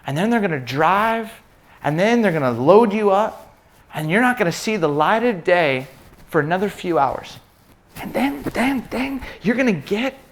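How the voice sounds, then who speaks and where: A man giving an animated, storytelling sermon talk, often repeating words as he starts sentences. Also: high-pitched. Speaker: speaker at a faith session.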